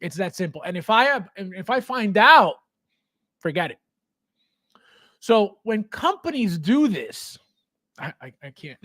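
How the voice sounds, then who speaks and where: A man hosting a casual livestream, reading viewer comments and talking in an animated way, with many repeated words and restarts. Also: high voice, measured pace, pauses often, no echo. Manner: animated, repetitive, stammering restarts, laughs often. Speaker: livestream host.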